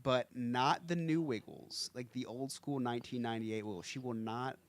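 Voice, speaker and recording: A man's voice: mid-range voice, moderate pace. A man co-hosting a casual podcast chat, joking and laughing often as he rambles with frequent restarts. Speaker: podcast co-host.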